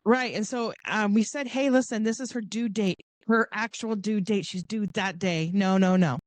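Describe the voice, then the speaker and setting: A middle-aged woman speaks in a loose, conversational storytelling voice, her pitch leaping up whenever she acts out what someone said. Her voice is pitched in the middle range for a woman, and the recording is dry and close, with no room sound. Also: moderate pace, dry recording. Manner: animated, acts out quoted voices with big pitch jumps. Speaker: podcast guest. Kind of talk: casual storytelling.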